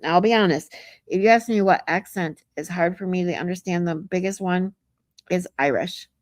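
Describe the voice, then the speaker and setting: A woman with a slightly low voice hosts a casual livestream and chats frankly with her viewers, swearing freely as she goes. The sound is dry and close, with no room echo. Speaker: livestream host. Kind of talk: casual chat reading viewer comments.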